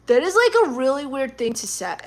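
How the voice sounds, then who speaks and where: A woman live streamer reading chat messages aloud in a sarcastic, mocking way that turns snappy and quick-tempered. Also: sits high, big pitch swings.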